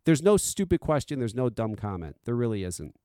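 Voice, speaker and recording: A man hosting a casual solo podcast, blunt and profane, swinging between loud insistence and quiet, confiding asides. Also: mid-range voice, sing-song, a little fast, no echo, studio quality. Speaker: podcast host.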